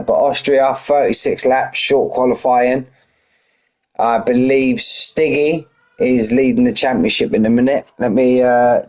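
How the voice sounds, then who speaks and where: A man's voice: medium pitch, a little mellow. A middle-aged man chatting casually on a stream before commentating a sim racing league, full of banter and greeting viewers as mate. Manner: chatty, banter-heavy, greets chat by name, says mate a lot.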